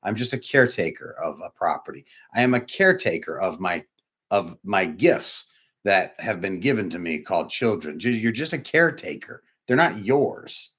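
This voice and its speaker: A middle-aged man preaching a sermon in a church hall, blunt and emphatic, with sudden loud high bursts. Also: very animated, moderate pace, breathy edge. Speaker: pastor. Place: church hall with doors opening.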